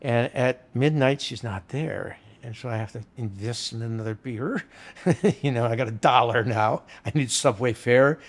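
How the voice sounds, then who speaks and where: Gravelly older man telling rambling stories. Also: medium pitch, normal speed. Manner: rambling anecdotal storyteller, casual and earthy. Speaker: bartender guest. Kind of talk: storytelling interview chat.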